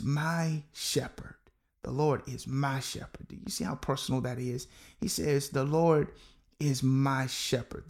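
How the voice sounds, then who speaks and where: A man's voice: a little high, gravelly, a little mellow. A man preaching a sermon as pastor, earnest and repeating key phrases for emphasis.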